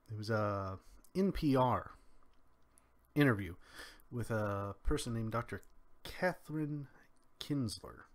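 A young man with a faint Kentucky twang giving solo spoken commentary in a measured, drawn-out way with pauses. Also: on the low side. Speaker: commentary podcaster.

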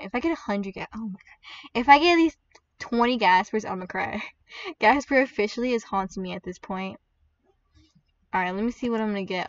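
Woman, gaming commentary, chatty and excitable, dry, a little distant from the mic. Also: a little high, dry recording, lo-fi sound. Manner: excitable, chatty, bursts of squealing and laughter. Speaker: gaming video creator.

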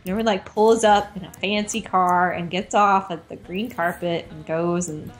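A woman game designer telling a casual story as a guest, animated and full of "like" fillers. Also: on the low side, moderate pace, faint music behind. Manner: animated, heavy use of "like" fillers.

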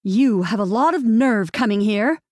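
A woman's voice: mid-range voice, expressive, measured pace, a little mellow, no echo, studio quality, natural voice. A woman narrator voicing a fierce, protective mother with a tight, harsh voice. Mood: furious.

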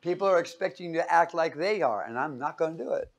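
A man's voice: fairly high pitch, animated, fast talker, creaky. Casual joking man teaching the Bible. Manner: casual, joking, asks the audience questions.

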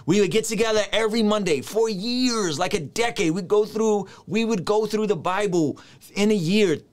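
A man's voice: high-pitched, moderate pace. A young man giving casual reaction commentary, joking and tossing asides to a friend in the room. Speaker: YouTube commentator.

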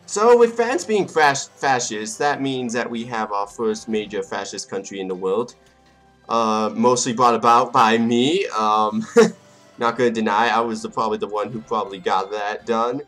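A man's voice: lowish voice, fairly even intonation, moderate pace, fairly bright tone. A young man casually commenting on his strategy game as he plays, joking and talking to the nations on screen. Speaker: let's play gamer. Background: faint game music.

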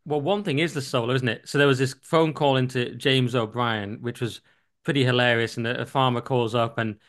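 A man's voice: mid-range voice, fairly even intonation, brisk. Blunt man hosting a podcast. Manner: blunt, mocking, swears casually. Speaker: podcast host. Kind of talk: political podcast chat.

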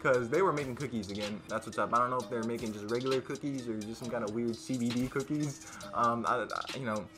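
A teenage boy telling a storytime vlog in a casual, rambling way, with many fillers and restarts, getting loud when quoting his friends. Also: mid-range voice, fast, music in the background. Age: teens. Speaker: YouTuber.

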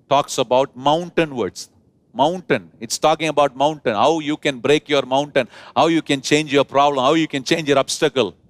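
In a dry recording, a medium-pitched man from India preaches in church. He stretches key words for emphasis and leads the congregation in call-and-response.

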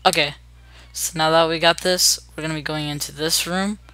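A young adult gaming host giving chatty, upbeat commentary while playing, narrating each move out loud. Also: mid-range voice, fairly even intonation, normal speed, clean tone. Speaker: gameplay video host. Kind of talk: casual let's-play commentary.

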